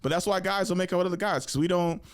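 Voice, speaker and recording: A man's voice: sits high, racing. Laughing man telling comic stories. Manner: animated storytelling, acts out voices, laughs often. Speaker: podcast host, comedian. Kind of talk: casual solo monologue.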